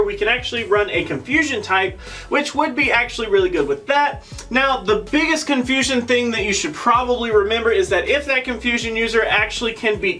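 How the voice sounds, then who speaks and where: Bright, high-voiced chatty male gamer. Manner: chatty, leans on filler words. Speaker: gaming channel host. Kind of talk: casual strategy explainer.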